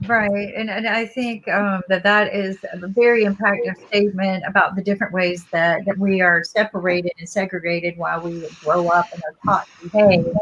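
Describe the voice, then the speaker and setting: A woman's voice: mid-range voice, fairly even intonation, normal speed, few pauses, a bit bright, muffled recording, slight background noise. A middle-aged woman co-hosting a podcast, telling stories in a reflective, conversational way and often checking in with listeners. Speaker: podcast co-host. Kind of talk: casual podcast talk.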